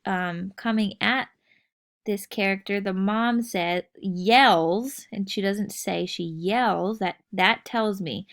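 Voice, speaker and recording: Slow, patient woman teaching writing. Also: medium pitch. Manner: patient, explains step by step, checks in with "okay?" and "right?". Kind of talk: recorded writing lesson.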